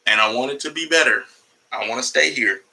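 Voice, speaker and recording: Forceful, profane man livestreaming. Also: mid-range voice, a little fast, gravelly, poor audio. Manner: profane, rambling, jumps between topics; talks to his cat mid-stream. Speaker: comedian livestreaming. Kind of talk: casual livestream monologue.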